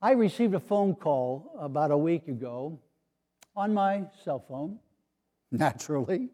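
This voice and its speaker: An older man, a retired pastor, preaching a sermon with gently humorous storytelling and voices for the people in his anecdotes. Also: on the high side, animated, a little slow.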